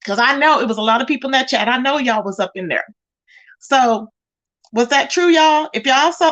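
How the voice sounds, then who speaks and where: A woman's voice: high voice, brisk, a bit bright. A woman hosting a casual livestream, chatting straight to her viewers and calling them "y'all" and "child". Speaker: livestream host.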